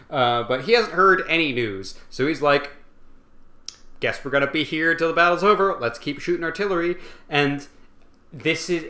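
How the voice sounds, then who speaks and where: A man's voice: mid-range voice, fairly bright tone, roomy sound. A tipsy man hosts a rambling, profane comedic book summary, loose and full of fillers. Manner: rambling, swearing, lots of fillers. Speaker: host.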